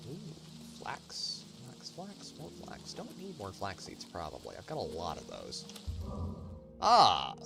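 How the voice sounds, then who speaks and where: Gaming host, male, meandering and foul-mouthed, low voice that swings widely. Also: wildly swooping pitch, takes it slowly, vocal fry, over loud music. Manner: rambling, profane, self-interrupting. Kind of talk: casual let's-play commentary.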